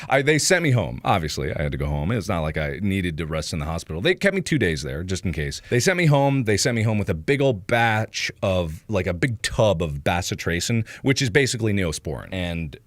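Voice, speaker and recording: Animated man telling a story, dry mic. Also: no echo. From United States. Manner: animated, acts out quotes in loud high yelps, laughs often. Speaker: video host. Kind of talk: casual storytelling monologue.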